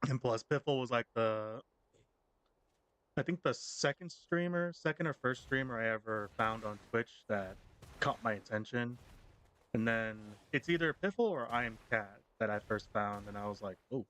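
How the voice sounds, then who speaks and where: A man's voice: mid-range voice, normal speed, a bit bright. A man chatting casually on his live game stream, rambling with fillers and frequent laughs.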